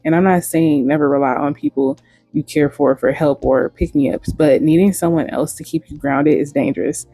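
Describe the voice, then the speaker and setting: Blunt, mellow-voiced woman vlogger. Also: deep voice, husky, dry recording. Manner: blunt, frank and profane. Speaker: host. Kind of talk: casual commentary vlog.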